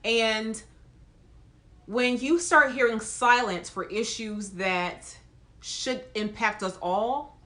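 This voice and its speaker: A woman who works as a nurse, talking straight to her viewers in an emphatic, lively way. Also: on the high side, takes it slowly. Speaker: nurse and video host. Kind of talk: casual talk to camera.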